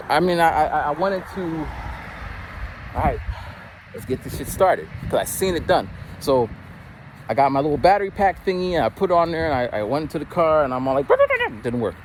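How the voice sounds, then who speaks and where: A man telling a casual story as a vlogger, rambling with many restarts and repeated words, recorded on a phone outdoors near traffic. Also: mid-range voice.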